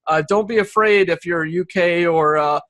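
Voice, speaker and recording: A man hosting a webinar, reading out audience questions in a relaxed, upbeat way. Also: high voice, moderate pace, dry recording, clean studio sound. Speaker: webinar host.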